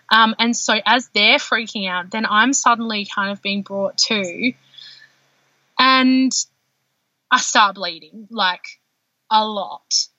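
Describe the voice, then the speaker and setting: A woman, a podcast guest telling her personal birth story in an animated way, full of fillers. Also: fairly high pitch, dry recording. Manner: animated, heavy use of filler words. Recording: dull lo-fi dry sound.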